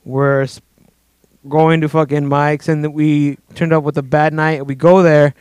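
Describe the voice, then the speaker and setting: Higher-pitched man telling a rambling story. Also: little pitch movement, unhurried, a little mellow, clear, resonant tone, no echo. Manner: rambling, profane, filler-heavy storytelling. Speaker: guest storyteller. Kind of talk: casual podcast chat.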